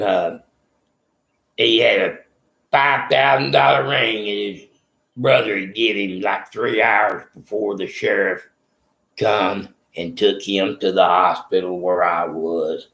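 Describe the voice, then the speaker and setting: A man's voice: fairly low pitch, gravelly, a bit bright, roomy sound. A man telling a rambling, profane story about his time in prison. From Texas.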